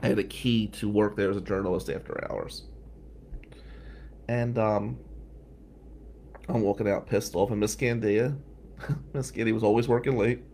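Gravelly-voiced man telling a story. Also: lowish voice, moderate pace, long pauses, a little hiss or hum. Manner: animated, swears freely, acts out quoted speech loudly. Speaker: podcast host. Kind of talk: personal storytelling monologue.

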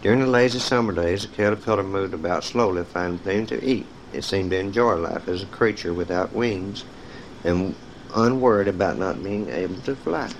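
A man with a somewhat low voice reads picture-book stories to young children. He talks to his listeners directly and tells them when to turn the page. A faint noise sits under his voice. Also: normal speed. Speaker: storyteller. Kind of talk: reading children's stories aloud.

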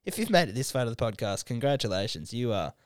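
A tipsy young Australian man with a smooth, clear voice, swearing freely and laughing his way through rambling stories. The sound is dry and close, with no room around it. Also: medium pitch, very animated, quick pace, no room sound. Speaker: podcast host. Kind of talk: casual drunk chat.

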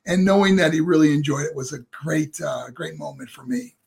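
An older man, a former wrestler, telling stories in a relaxed chat, animated and laughing as he acts out other people's voices. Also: a little high, a little fast, creaky. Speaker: guest, former pro wrestler. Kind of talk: casual storytelling.

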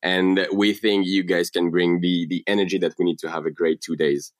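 A man from France joins a podcast as a guest. His voice is very low, and he answers in a friendly, slightly halting way. The recording is dry. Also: little pitch movement, no room sound. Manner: friendly, a little hesitant, repeats words. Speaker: event co-founder, guest. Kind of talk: podcast interview.

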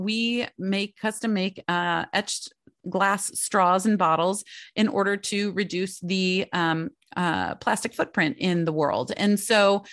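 A woman's voice: mid-range voice, fairly bright tone, dry recording, studio quality. A middle-aged woman talking casually to the camera about her years as a homeschooling mother, chatty and heartfelt, often checking in with "right?" and "you know". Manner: heartfelt and openly emotional. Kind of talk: casual reflective talk to camera.

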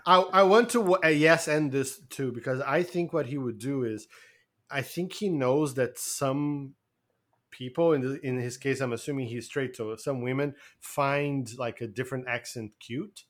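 Man, jokey podcast co-host, casual chat, bright tone. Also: mid-range voice, normal speed. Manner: jokey, laughs often.

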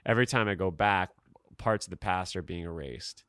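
Podcast co-host, young man from South Florida, low voice, dry close sound, musing and rambling. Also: normal speed, a bit bright, no room sound. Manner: reflective, rambling with many fillers. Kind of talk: casual podcast chat.

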